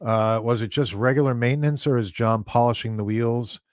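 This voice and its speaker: A man co-hosting a casual show, reading viewer questions in a relaxed, halting way. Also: mid-range voice, no echo, studio quality. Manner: relaxed, halting, hedges a lot. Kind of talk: casual chat.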